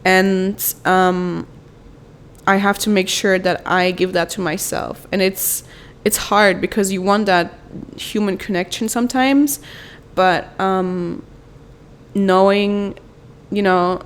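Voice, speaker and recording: A young woman shares her thoughts in a personal self-help vlog. Her voice is smooth and clear at a middle pitch, and she talks in a soft, rambling, confessional way full of fillers. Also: fairly even intonation, slow pace. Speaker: vlogger, mother.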